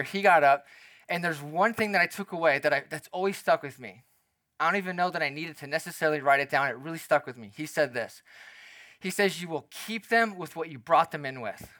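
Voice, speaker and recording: A man preaching a sermon as a pastor, speaking in a conversational, animated way and acting out the quotes he tells. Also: fairly high pitch, no echo.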